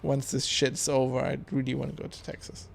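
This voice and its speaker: A man's voice: medium pitch, monotone, brisk, gravelly, a little hiss or hum. A man chatting casually on a live stream, tipsy and rambling, laughing often and swearing. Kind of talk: casual chat.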